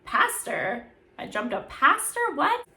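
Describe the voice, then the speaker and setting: A woman voicing a young man who is shocked and panicking, his voice rising high. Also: lively intonation, normal speed, bright, forceful tone, reverberant, slight background noise. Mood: panicked.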